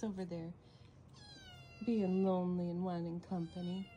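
A woman vlogging from a room at home full of kittens, her voice warm and soft-edged. She talks unhurriedly, mostly to the cats themselves, in a fond, coaxing tone that sometimes sinks to a whisper. A faint hiss of noise sits under the recording. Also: mid-range voice, measured pace. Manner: coaxing, doting baby-talk to the cats, at times hushed to a whisper. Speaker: cat rescuer filming her foster cats. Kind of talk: casual vlog narration, talking to her cats.

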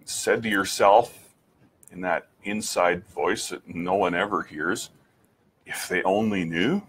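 A man giving an earnest personal faith testimony, reflective, with frequent pauses and restarts, asking the listener direct questions. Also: sits low, fairly bright tone, husky. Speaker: speaker sharing his faith testimony.

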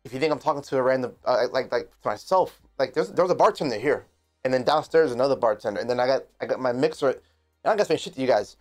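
A man streaming a ghost-hunting game, talking to his viewers in an excitable, rambling way, swearing and trailing off into restarts. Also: medium pitch, quick pace, soft background music. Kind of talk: live gameplay commentary.

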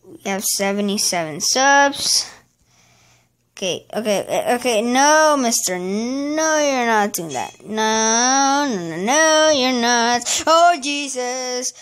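Unhurried high-voiced woman gaming. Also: lively intonation, fairly bright tone, clean tone. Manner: frustrated, exclaiming, talking to the game. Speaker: gaming channel host. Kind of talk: casual gameplay commentary.

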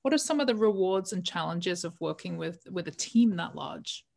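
A woman's voice: on the low side, expressive, moderate pace, vocal fry, a little mellow, no echo, studio quality. A woman hosting a casual interview, chatty and often checking for agreement. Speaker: podcast host.

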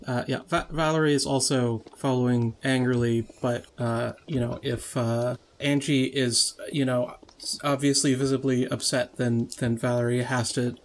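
A woman's voice: a bass voice, steady tone, moderate pace, slight background noise. A woman playing a tabletop game, exasperated and hesitant, stammering restarts. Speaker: player.

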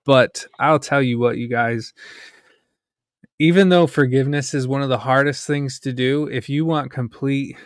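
A man with a New York accent hosting a casual bible study podcast, reading scripture aloud and talking it over in a blunt, forceful way. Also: medium pitch, fairly even intonation, moderate pace, dry recording, clean studio sound.

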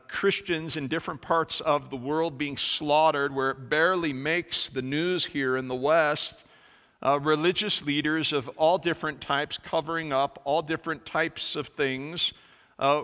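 A man's voice: fairly high pitch, sharp tone, big-room sound. A man preaching a sermon in a church, talking conversationally with frequent fillers. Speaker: pastor. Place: church sanctuary.

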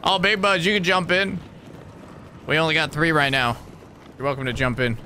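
A man's voice: on the high side, steady tone, moderate pace, pushed and bright, a little hiss or hum. A man from New Jersey chatting playfully while streaming a video game. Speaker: gaming streamer. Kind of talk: casual live-stream commentary.

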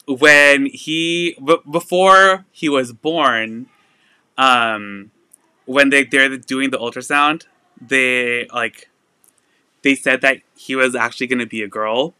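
Bright, clear-voiced chatty man on a live stream. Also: medium pitch, slow pace, dry recording. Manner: chatty, with frequent "like" fillers and laughs. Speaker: live sale host. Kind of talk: casual live-stream chat.

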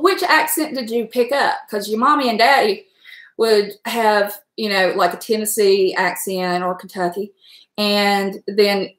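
Chatty Southern woman in an echoey room. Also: a little high. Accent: Southern US (Southwestern Virginia). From Southwestern Virginia. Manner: chatty, rambling, quick to laugh. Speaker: livestream host chatting with viewers. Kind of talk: casual chat.

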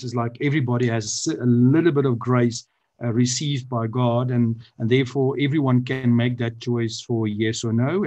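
A man's voice: mid-range voice, a little mellow, highs cut off. A man on a church panel explaining theology off the cuff, with frequent fillers and restarts. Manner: hesitant, many restarts and fillers. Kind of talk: unscripted teaching explanation.

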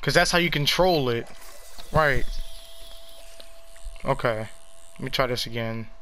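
A man casually commenting while playing a video game, excitable and swearing a lot. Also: medium pitch, a little slow, a little hiss or hum. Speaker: gamer.

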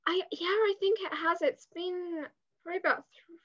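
A young English woman in her twenties, a guest on an interview, speaking softly and hesitantly with many fillers. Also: very high-pitched, fairly even intonation, moderate pace. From England. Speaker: guest content creator. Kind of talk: casual interview chat. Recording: dull lo-fi sound.

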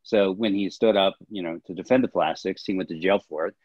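A man's voice: sits low, a little fast, no echo, lo-fi sound. A man, a film director and historian, answering interview questions in an earnest, explanatory way.

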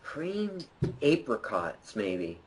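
Goofy excitable young man, lively voice. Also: mid-range voice, extremely slow, a little hiss or hum, low-quality recording. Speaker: channel host. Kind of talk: casual gameplay chat.

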